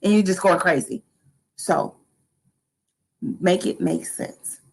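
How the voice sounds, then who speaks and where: A middle-aged woman hosting a live motivational talk, lively and animated, acting out excited quotes. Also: on the low side, slow pace, vocal fry, husky, low-quality recording. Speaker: motivational live-stream host.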